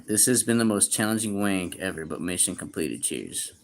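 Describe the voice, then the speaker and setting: A man's voice: deep voice, lively intonation, normal speed. A young man livestreaming, answering chat questions in crude, profane, slangy banter. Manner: reads chat questions aloud and answers bluntly.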